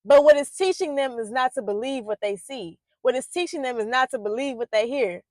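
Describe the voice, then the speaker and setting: A woman's voice: high voice, a little fast, few pauses, dry recording. A woman giving a heartfelt reflective monologue about parenting. She speaks loosely, with many fillers and restarts, and turns emphatic when she drives a point home. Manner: grows emphatic and loud when making her points. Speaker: poet and parenting vlogger.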